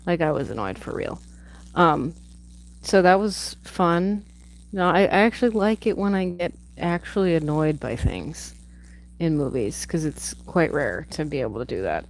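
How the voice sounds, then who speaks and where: A woman livestreams from home in a low, animated voice at a moderate pace, chatting about a film and wandering off on tangents with plenty of swearing. The audio is rough.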